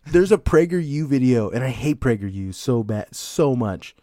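A man's voice: mid-range voice, animated, normal speed, mellow, no room sound, studio quality. Profane, rambling young man. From Mexican heritage. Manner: profane, rambling storytelling, laughs often. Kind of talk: casual chat.

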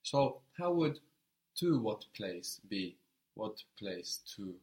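A male language teacher guides a student through a lesson at an unhurried pace. His voice sits a little low, and he stays patient and encouraging, prompting each answer and confirming it warmly. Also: big pitch swings. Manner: patient, encouraging, slow and deliberate.

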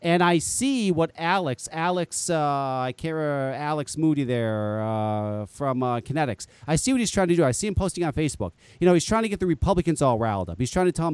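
A man's voice: fairly high pitch, fast talker, few pauses, clear, resonant tone, dry recording. A man hosting a live call-in show in a casual, rambling way, with loose swearing along the way. His voice swings up and down a lot as he talks. The sound is dry and close, with no room around it. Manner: animated, rambling, swears freely. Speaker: podcast host. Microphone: headset.

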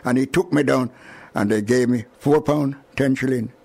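An older man from Jamaica with a Jamaican accent, recalling his arrival in an oral history interview with chuckles and lively retelling. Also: medium pitch, moderate pace, creaky. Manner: chuckling, animated storyteller.

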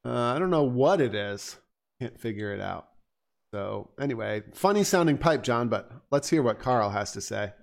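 A man's voice: medium pitch, animated, normal speed, creaky. A man co-hosting a casual show, chatting in a rambling, teasing way as he reviews a listener's bagpipe playing. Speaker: podcast co-host reviewing bagpipe submissions. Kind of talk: casual chat.

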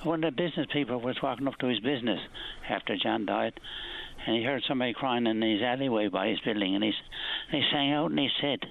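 A man's voice: mid-range voice, quick pace, gravelly. A man in his eighties with a Newfoundland accent, calling into a radio show and rambling through stories. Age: 80s. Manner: rambling, storytelling. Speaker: caller. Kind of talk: phone-in call. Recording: tinny phone line.

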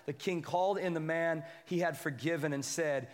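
A man's voice: fairly high pitch, moderate pace, hardly any pauses. A man preaching a sermon as pastor, reading scripture aloud and calling on the congregation for responses. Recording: long hall reverb.

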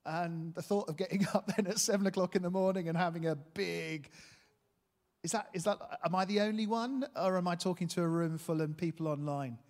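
Animated male preacher in a reverberant hall. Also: high-pitched, brisk. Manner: animated storytelling, asks the room questions. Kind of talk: sermon. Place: church hall.

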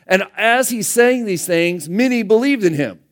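A man's voice: high voice, lively intonation, moderate pace. A man preaching a sermon in a conversational way, acting out the scripture dialogue in casual everyday voices. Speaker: pastor.

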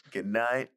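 A man co-hosting a casual podcast, reacting to stories with slow, amused remarks. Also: mid-range voice, bright, forceful tone, breathy edge. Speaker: podcast co-host. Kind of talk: casual chat.

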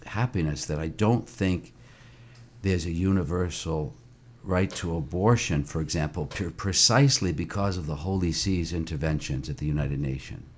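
A man in his sixties, a priest, talking reflectively in an interview, often pausing and restarting with fillers. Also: deep voice. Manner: halting, with many fillers and restarts.

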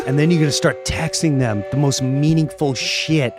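A middle-aged man, a podcast guest, telling animated stories with lots of swearing and acted-out voices. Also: mid-range voice, normal speed, music in the background. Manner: acts out quoted voices, swearing, laughing. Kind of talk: animated storytelling.

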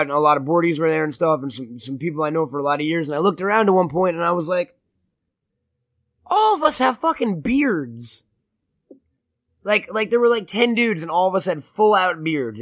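A man's voice: fairly high pitch, fairly bright tone, no room sound. A man co-hosting a podcast in casual, profane chat, rambling through stories and acting out what others said. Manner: rambling, profane storytelling with acted-out quotes. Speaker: podcast co-host.

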